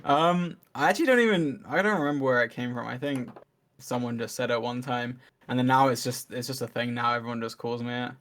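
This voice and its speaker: A man's voice: mid-range voice, fairly quick, a bit bright. A young man in a casual podcast chat, easygoing and a little unsure.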